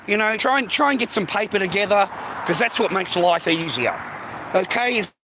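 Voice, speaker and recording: A man's voice: high voice, lively intonation, moderate pace, background noise. A man in his fifties with an Australian accent, livestreaming a blunt, profane rant on a city street and calling listeners "mate". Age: 50s.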